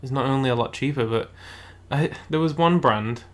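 A man's voice: mid-range voice, moderate pace. A man from Cumbria, chatting casually and laughing easily. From Cumbria, England. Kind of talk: casual chat.

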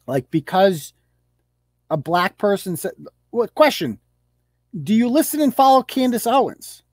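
Hosting a live show, a man rants with profanity and sarcasm, firing off mocking rhetorical questions as he reads rules aloud. His high, sing-song voice moves a little slowly, captured in clean studio sound with no echo.

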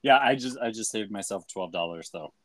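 A man's voice: on the low side, expressive, fairly quick. A man co-hosting a podcast, chatting casually with wry, dry humor and making his case. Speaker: podcast co-host. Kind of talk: casual chat.

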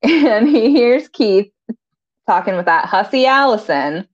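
A woman's voice: on the high side, expressive, a little slow. A woman co-hosting a podcast, recapping a TV episode in casual chat. She giggles often and quotes the characters in voices. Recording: slightly dull lo-fi sound.

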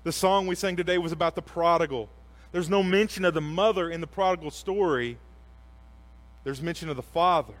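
A man in his forties preaching a sermon, earnest, with slow emphatic phrases that often drop to a soft hush. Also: a little high. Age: 40s.

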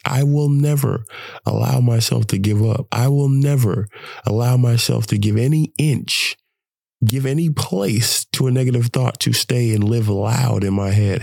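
A young man hosting a podcast, sick with the flu, talking in an animated, preachy way and laughing often. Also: mid-range voice, gravelly, no echo. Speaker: podcast host. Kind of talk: casual motivational monologue.

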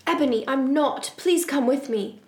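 A woman's voice: high voice, normal speed, voice pushed up, lightly acted. A woman reading aloud the lines of an awkward, pleading teenage boy. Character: sulky teen boy boyfriend. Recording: roomy echo.

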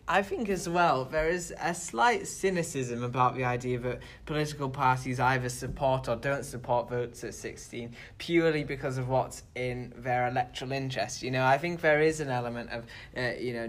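A man's voice: mid-range voice, steady tone, normal speed, hardly any pauses, fairly bright tone. A British man co-hosting a casual political podcast, chatty and self-deprecating with frequent restarts. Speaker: podcast co-host.

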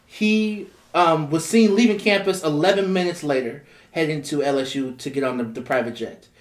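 A young man with a high voice co-hosts a casual podcast chat, stumbling over his words with frequent ums and restarts. The room is roomy and echoey around him. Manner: leads topics, halting with frequent ums and repeats. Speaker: podcast co-host. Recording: roomy echo.

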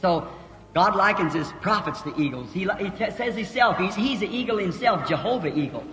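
High-voiced folksy preacher in an echoey hall. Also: male voice, expressive, fairly quick, over music. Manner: folksy rural storyteller, swinging from hushed to shouting. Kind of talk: sermon storytelling. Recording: echoey hall with faint background hiss.

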